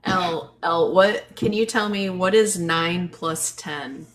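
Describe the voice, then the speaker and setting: Low-voiced teasing woman host. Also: slow, a little hiss or hum. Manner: teasing, laughs often. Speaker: livestream host. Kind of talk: casual livestream chat.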